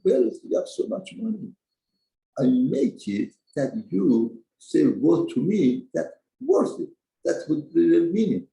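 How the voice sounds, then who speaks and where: A man's voice: on the high side, sing-song, takes it slowly, creaky, dark tone, reverberant, voice pushed up, heavily acted, low-quality recording. A man voicing God as a stern, all-powerful figure who rebukes in an exasperated tone. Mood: rebuking.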